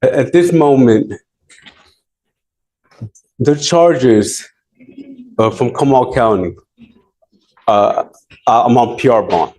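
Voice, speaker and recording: A man speaking as a defendant in a courtroom, pleading his case in halting, rambling sentences full of restarts. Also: mid-range voice, darkish tone.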